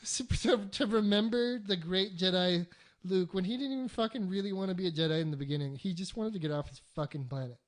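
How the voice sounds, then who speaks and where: A podcast co-host chatting casually, swearing constantly and acting out quick mock voices for the characters. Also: medium pitch.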